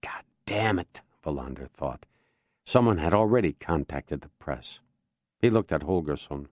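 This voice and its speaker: A man giving measured, expressive scripted narration of a crime novel audiobook. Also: extremely low pitch, no room sound, studio quality.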